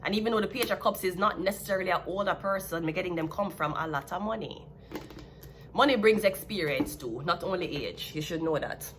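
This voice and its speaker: A woman's voice: lowish voice, fairly quick, fairly bright tone, slight background noise. Sassy Jamaican woman reading tarot. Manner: blunt, sassy, laughs at her own jabs. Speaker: tarot reader.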